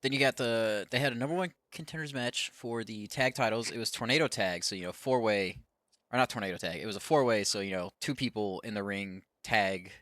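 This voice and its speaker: Male podcast host, lowish voice, rambly casual delivery, dry close mic. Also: brisk, a bit bright, no echo. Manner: rambling, loose, swears freely, acts out quotes. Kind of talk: casual chat recapping wrestling.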